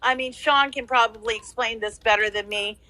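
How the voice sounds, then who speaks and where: A woman's voice: on the high side, steady tone, normal speed, sharp tone, dry recording, poor audio. A woman hosting a call-in talk, angry and emphatic, swearing and repeating herself. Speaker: host of a call-in space. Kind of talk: heated political talk.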